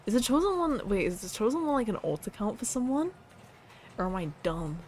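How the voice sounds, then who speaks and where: A woman's voice: fairly high pitch, big pitch swings, brisk, darkish tone, a little hiss or hum. A woman streaming casually, reading viewer submissions aloud and repeating words with a playful laugh.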